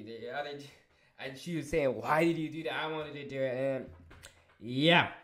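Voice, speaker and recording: A man recapping a show episode in a casual review, excitable and swearing, with many restarts and fillers. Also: fairly high pitch. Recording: roomy echo.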